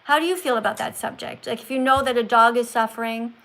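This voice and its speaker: Teacherly woman coaching slow, stressed reading. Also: fairly high pitch, fairly bright tone, low-quality recording. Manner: teacherly, slows down to stress words. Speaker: livestream host. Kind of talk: casual livestream chat, coaching a caller.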